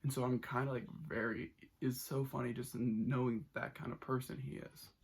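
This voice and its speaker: A man's voice: medium pitch, flat delivery, moderate pace, gravelly, husky. A man giving a casual, enthusiastic spoken movie review, rambling with many restarts.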